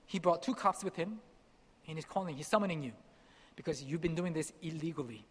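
High-voiced man telling a testimony in a hall. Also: brisk, husky. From Korea. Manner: animated, acts out dialogue, laughs at himself. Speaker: missionary speaker. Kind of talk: personal testimony storytelling. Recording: long hall reverb.

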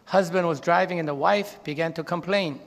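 Speaking a little fast, a pastor preaches a sermon full of anecdotes in a church sanctuary where his voice trails off in long reverb. He acts out the people in his stories, lifting his pitch when quoting them.

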